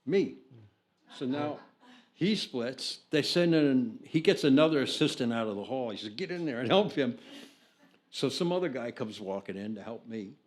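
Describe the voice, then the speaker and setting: An older American record producer telling anecdotes in an interview, acting out the people in his story with lively changes of voice. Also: medium pitch, moderate pace. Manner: animated storyteller, acts out other people's lines.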